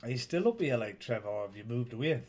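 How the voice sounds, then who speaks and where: A man's voice: mid-range voice, expressive, fast talker, darkish tone. A man with a Northeast English accent, hosting a casual live stream and bantering with viewers in a rambling, teasing way. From Northeast England.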